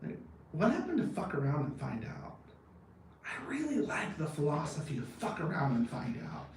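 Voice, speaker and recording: A man's voice: a little high, wildly swooping pitch, moderate pace, darkish tone. Blunt, profane man in his thirties. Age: 30s. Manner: blunt, profane, laughs often. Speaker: vlogger. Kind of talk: casual rambling chat. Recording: very echoey, distant from the mic, faint background noise.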